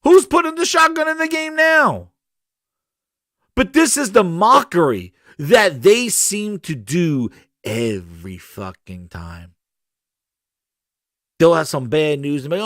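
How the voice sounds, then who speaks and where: A man's voice: sits high, big pitch swings, slow, long pauses, a bit bright, no echo, studio quality. A man hosting a gaming podcast, ranting angrily and swearing, often stammering and repeating himself. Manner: heated and profane, repeating himself. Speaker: podcast host. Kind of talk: angry gaming rant.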